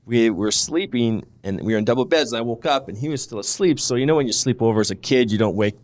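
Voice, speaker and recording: A man's voice: mid-range voice, fast, darkish tone. A man, a wrestler guest, telling a story in a rambling way full of restarts. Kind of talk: casual storytelling.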